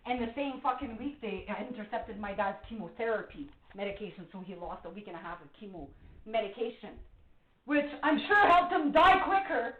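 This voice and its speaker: Woman, middle-aged, angry phone caller, heavy swearing, accusatory, higher voice, muffled recording. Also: animated, a little fast. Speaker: caller reporting to police.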